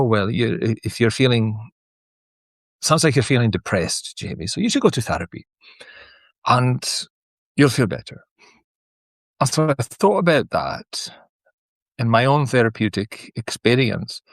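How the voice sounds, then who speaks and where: A middle-aged teacher from Scotland reflects on his personal experiences in a low, creaky voice, recorded with no room sound. He thinks aloud in a rambling monologue, often restarting and drifting into asides.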